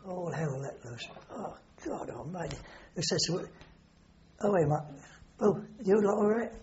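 An older man tells wartime stories in a rambling, plain-spoken way, peppered with swearing. His voice is mellow and dark. The recording is dull and lo-fi. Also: fairly high pitch. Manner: rambling, salty storyteller with frequent swearing. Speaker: war veteran interviewee. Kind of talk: oral history recollection.

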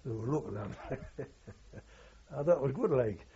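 A man's voice: mid-range voice, animated, normal speed, warm tone. An older man, a war veteran telling rambling oral history anecdotes and quoting others with "he says". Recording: dull lo-fi recording.

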